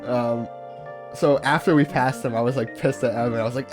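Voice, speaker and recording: A man's voice: medium pitch, fairly even intonation, fairly quick, faint music behind. A young man, a streamer, telling stories and reacting to clips in casual commentary, swearing often and laughing as he goes. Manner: profane, laughing storyteller. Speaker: streamer host.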